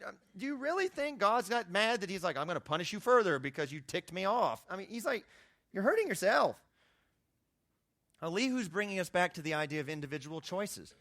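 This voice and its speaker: A young man preaching a conversational sermon, his voice jumping high when he makes a point. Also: pushed and bright, no echo, clean studio sound. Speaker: youth pastor.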